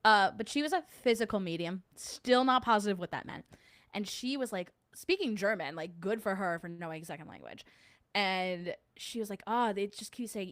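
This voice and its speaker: A woman's voice: mid-range voice, normal speed, fairly bright tone. A young New Jersey woman with a matching accent chats through her livestream, laughing easily and doing little impressions of people as she tells stories. Her voice sits in a middle register. The sound is close and dry, with no room echo. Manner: chatty, laughs often, mimics others mid-story. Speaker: podcast host reading live chat. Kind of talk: casual livestream chat.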